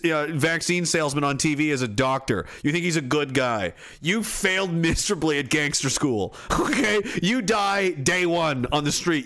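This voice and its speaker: Profane ranting man. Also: on the high side. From Atlantic Canada. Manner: profane, ranting, swings from shouting to muttering. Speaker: livestream host reading chat. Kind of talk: angry ranting livestream talk.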